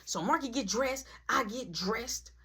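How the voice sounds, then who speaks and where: A woman telling a casual story, animated and laughing as she acts out every voice. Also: fairly high pitch, measured pace, husky.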